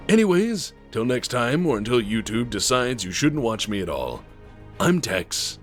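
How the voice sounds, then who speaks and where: A man's voice: mid-range voice, big pitch swings, unhurried, faint music behind. A man narrating a lore video in an irreverent, profane, emphatic scripted style.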